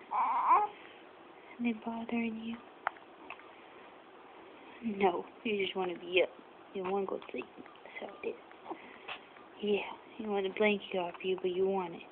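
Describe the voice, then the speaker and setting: A woman soothing her baby in cooing baby talk, recorded at home on a phone. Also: mid-range voice. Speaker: mother talking to her baby. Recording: tinny phone recording with noise.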